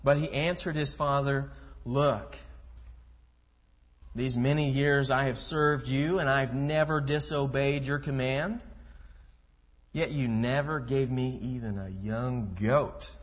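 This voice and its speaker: A man's voice: medium pitch, fairly even intonation, slow pace. A man preaching a sermon, reading scripture aloud and explaining it with rhetorical questions. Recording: muffled voice with long hall reverb.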